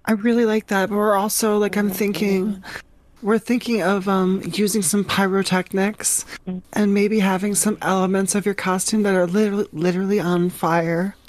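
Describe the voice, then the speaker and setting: A woman's voice: mid-range voice, flat delivery, moderate pace, darkish tone. A woman hosting a comedy podcast, gushing and over-eager, often repeating herself. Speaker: podcast host. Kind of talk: prank interview, casual chat.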